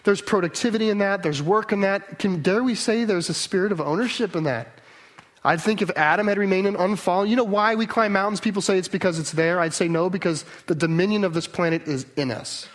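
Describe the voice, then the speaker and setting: A man's voice: high-pitched, brisk. A man preaching a sermon on Genesis, earnest and emphatic, working through verses and asking rhetorical questions.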